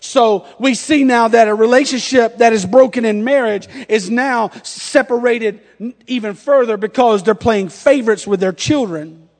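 A man in his thirties, a pastor preaching, telling a lively story and acting out the dialogue. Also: very high voice, normal speed. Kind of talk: storytelling sermon. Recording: long hall reverb.

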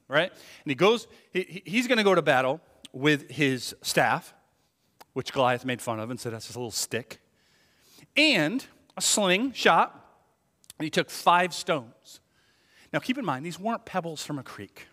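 A male pastor preaching with a high, bright voice that leaps around in pitch. He jokes and acts out the voices of the people in his story. The sound rings with a long hall reverb. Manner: animated, joking, acts out quoted voices. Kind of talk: sermon.

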